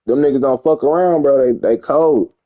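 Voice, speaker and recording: The recording is lo-fi: a young man of medium pitch streams a football video game, talking at a moderate pace. His commentary is loose and profane, full of boasting and rambling.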